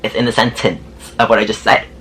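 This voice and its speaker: A young man racing through a storytime in a sassy, foul-mouthed, dramatic rush. His voice sits on the low side, with faint hiss behind it. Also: little pitch movement, fast, pushed and bright. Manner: sassy, profane, dramatic retelling. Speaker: vlogger. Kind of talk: casual storytime.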